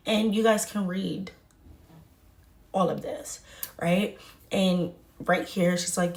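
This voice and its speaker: At a measured pace broken by long pauses, a young woman from Southern Houston, judging by her accent, shares a messy personal story on her storytime vlog. There's a noticeable gravelly fry in her mid-pitched voice. She stays casual and lively, animatedly voicing every quote and repeating lines for emphasis.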